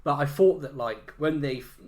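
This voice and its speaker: A man's voice: on the high side, moderate pace. A man co-hosting a podcast, easygoing and agreeable as he gives his take on a film. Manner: easygoing, agreeable, short backchannels. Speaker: podcast co-host. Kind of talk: casual film review chat.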